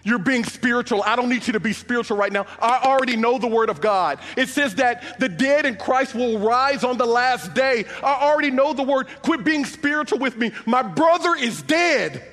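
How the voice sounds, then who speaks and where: A man voicing a grieving woman who shouts her anger at Jesus in a sermon. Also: very high-pitched, expressive, normal speed, hardly any pauses, long reverb tail, voice pushed up. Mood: exasperated. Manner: shouting, accusing.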